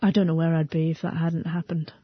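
A woman's voice: sits low, flat delivery, a little fast, husky, dry recording, highs cut off. A woman in her thirties who stutters, with frequent repeated sounds and restarts, telling her personal story as an interview guest.

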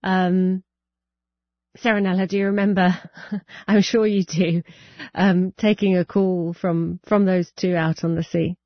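Soft-spoken woman interviewer, hesitant. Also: fairly low pitch, flat delivery, a little slow, no echo, dull audio. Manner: hesitant, restarts questions gently. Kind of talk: radio interview questions.

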